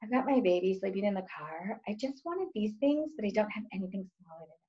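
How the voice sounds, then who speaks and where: A woman doing a hurried, entitled rich mom. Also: medium pitch, animated, warm tone, muffled recording, lightly acted. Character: hurried well-dressed wealthy mom.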